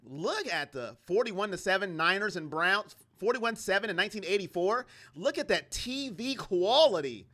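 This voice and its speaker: Bright-voiced sarcastic man calling plays. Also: high voice, lively intonation, normal speed, few pauses. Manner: sarcastic and exasperated. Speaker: fan commentator of a sports reaction channel. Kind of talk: casual play-by-play reaction.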